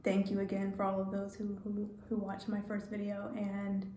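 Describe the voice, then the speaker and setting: A woman telling a personal story in a vlog, halting and repeating words, getting emotional. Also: mid-range voice, completely flat delivery, dark tone, roomy sound, a little hiss or hum. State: emotional, near tears. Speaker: vlogger.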